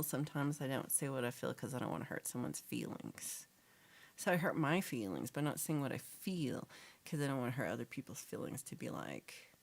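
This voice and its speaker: A woman from Texas hosting a casual livestream chat, reading viewer comments in a chatty, animated way and sometimes dropping to a whisper. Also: sits low. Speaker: livestream host.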